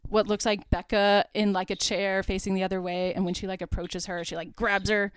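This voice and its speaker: A woman's voice: mid-range voice, flat delivery, a little fast, clear, resonant tone, dry recording. A young woman hosting a podcast, casually retelling a movie plot in a chatty way, full of "like" and little laughs. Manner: chatty, heavy use of "like", laughs while retelling. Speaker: podcast host.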